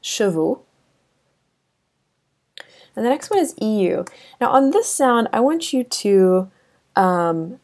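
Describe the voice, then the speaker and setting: A woman's voice: mid-range voice, sing-song, slow, pauses often, a little mellow. A woman teaching a French lesson over a screen recording, chatty with many fillers and restarts.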